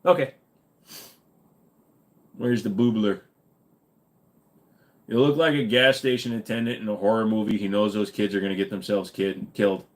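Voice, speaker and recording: A man with a slight Minnesota accent hosts a casual live Q&A stream, sounding tired and cracking jokes while swearing offhandedly. His lowish voice stays steady at a normal speed, with frequent pauses.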